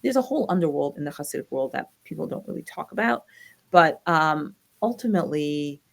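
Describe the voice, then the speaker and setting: A woman's voice: sits low, fairly quick, creaky. A middle-aged woman from the United States, a guest telling her personal story in an interview, acting out the voices of the people she quotes. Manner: animated retelling, acts out quoted voices.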